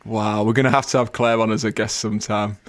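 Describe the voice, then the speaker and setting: A man's voice: on the low side, level tone, fast talker. Wry English man in podcast chat. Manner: self-mocking, wry. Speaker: podcast co-host.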